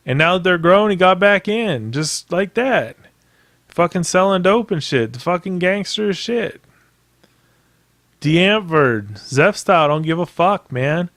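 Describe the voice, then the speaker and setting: A man's voice: a little high, fairly bright tone, no echo, studio quality. A man hosting a podcast by himself, ranting in a casual, rambling way with plenty of profanity and emphatic asides. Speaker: podcast host. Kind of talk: casual solo podcast rant.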